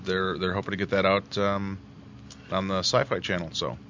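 Halting bright-voiced man reading news. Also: deep voice, level tone, a little hiss or hum. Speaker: podcast co-host. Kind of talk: casual news segment chat. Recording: dull lo-fi podcast audio.

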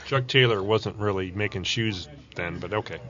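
A man's voice: fairly low pitch, normal speed, dull audio. A man co-hosting a podcast in casual chat, correcting facts as he goes. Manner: chatty, corrects facts, animated. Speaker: podcast co-host.

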